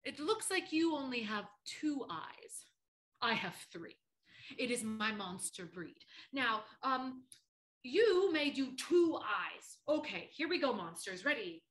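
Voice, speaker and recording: A woman's voice: a little high, big pitch swings, a bit bright, echoey room, exaggerated voice. A woman playing a playful three-eyed monster. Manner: slow, playful and theatrical, counting moves aloud. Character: friendly three-eyed female monster teacher. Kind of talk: children's theater class.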